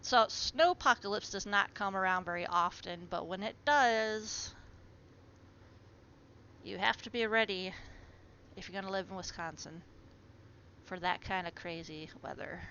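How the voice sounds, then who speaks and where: Woman rambling on a home stream, bright voice, kinda muffled audio. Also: mid-range voice, unhurried, pauses often, a little hiss or hum. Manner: chatty, talks to her plants and to viewers. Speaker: live streamer. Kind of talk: casual live-stream chat.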